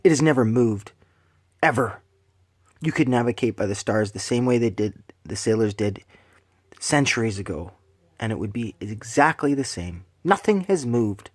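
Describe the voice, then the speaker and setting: A man's voice: animated, normal speed, dry recording. Man, vlogger, furious preachy ranter, heavy swearing, dry close sound. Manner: angry, profane, preachy ranting; swings between shouted bursts and low hushed lines. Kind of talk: angry rant to camera.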